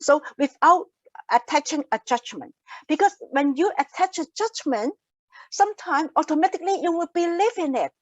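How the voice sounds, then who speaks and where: High-voiced woman leading a workshop. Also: expressive, normal speed, no echo, muffled recording. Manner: earnest, repeats key phrases for emphasis. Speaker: workshop presenter. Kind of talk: online wellness workshop talk. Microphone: laptop mic on a video call.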